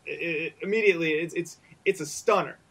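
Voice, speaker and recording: A man's voice: on the high side, fairly quick, a bit bright. A young man co-hosting a podcast, talking casually and with enthusiasm, often acting out quotes. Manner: enthusiastic, acts out quotes in voices. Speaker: podcast co-host. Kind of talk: casual chat.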